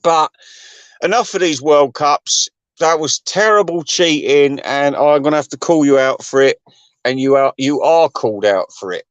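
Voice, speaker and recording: A man in middle age rants crudely into the mic, wandering from point to point and laughing at his own jokes. His voice sits fairly high and jumps higher when he gets worked up. The sound is close and dry, with no room around it. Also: normal speed, no room sound. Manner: crude, mocking, laughs often, pitch leaps up when excited. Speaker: vlogger. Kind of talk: rambling profane rant.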